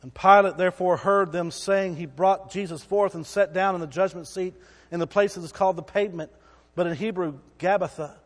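A man preaching a sermon, retelling the story with drama and shouting out the crowd's cries. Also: sits high, a little fast, in a large hall.

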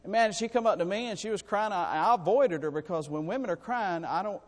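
A man preaching a sermon to his congregation, in a folksy, animated way with calls for amens. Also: high voice, a little fast. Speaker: pastor. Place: church sanctuary. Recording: long reverb in a church hall.

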